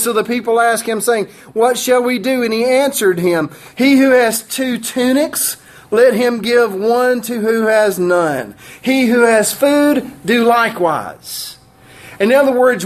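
A man preaching a sermon as pastor, animated and emphatic, with laughing asides and repeated phrases. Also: high-pitched.

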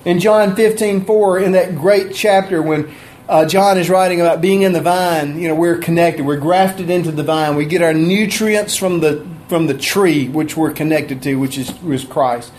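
A man preaching a sermon in a folksy, conversational way, with asides to people in the room and his pitch rising and falling for emphasis. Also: moderate pace, darkish tone, a little hiss or hum. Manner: pitch rises and drops for emphasis. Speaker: pastor.

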